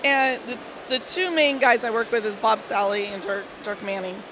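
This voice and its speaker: A woman comic book editor, hoarse from losing her voice, chatting in an interview and laughing as she tells stories. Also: a little high, normal speed. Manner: laughing, animated storytelling. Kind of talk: casual interview. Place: busy convention floor. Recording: noisy convention floor. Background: crowd and hall ambience.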